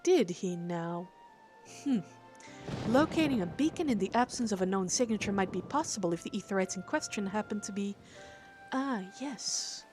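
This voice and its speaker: A woman voicing a calm, learned female scholar in a formal, measured, softer tone over faint game music. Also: medium pitch, close to an everyday voice. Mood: thoughtful.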